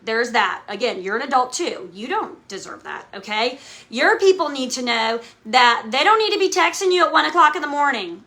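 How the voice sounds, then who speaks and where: A woman's voice: high voice, sing-song, moderate pace, sharp tone. A woman, a direct sales team leader, gives a motivational talk to camera, emphatic and checking in with "okay?" again and again. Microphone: camera mic, speaking to camera.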